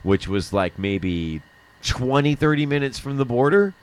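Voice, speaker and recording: A man's voice: medium pitch, lively intonation, measured pace. A middle-aged man hosting a livestream from a studio, chatting casually and laughing often, with some swearing. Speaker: livestream host. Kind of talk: casual chat.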